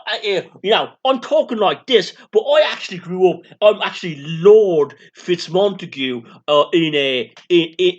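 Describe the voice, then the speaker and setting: A man's voice: high voice, breathy edge, pitched above the performer's own voice, heavily acted. A man voicing a pompous, rich aristocratic socialist with a plummy put-on upper-class English drawl. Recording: dull lo-fi sound.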